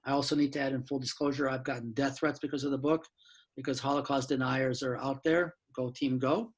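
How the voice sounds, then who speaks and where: Husky-voiced older man, blunt and frank. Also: mid-range voice, flat delivery. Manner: frank and blunt, with mild swearing and quick asides. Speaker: law professor and author giving a talk. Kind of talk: candid lecture-style talk. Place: his apartment.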